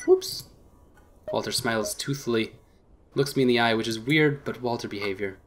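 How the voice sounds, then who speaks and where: A man's voice: mid-range voice, brisk, a bit bright. A man hosting a let's play, casually reading a visual novel aloud with small slips.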